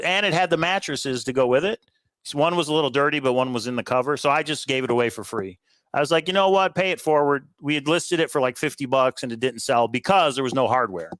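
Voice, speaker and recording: A man's voice: mid-range voice, a bit bright, dry recording. A man co-hosting a casual live stream, chatting upbeat about things he sold and answering viewer comments. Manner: chatty, upbeat, quick asides and chuckles. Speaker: livestream co-host.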